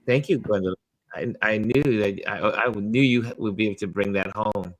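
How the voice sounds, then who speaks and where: A man's voice: lowish voice, normal speed. A man hosting a live online talk show, playful, reading viewer comments aloud. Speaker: host.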